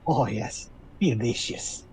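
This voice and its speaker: A man voicing a group of sly, giggling old sea hags in a tabletop game, coy and quietly sinister. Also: mid-range voice, slow, creaky, breathy edge, voice pushed down, heavily acted, poor audio.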